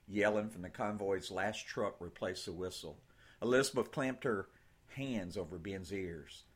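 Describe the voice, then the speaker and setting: A man reading an audiobook in slow, measured scripted narration. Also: lowish voice, animated, husky.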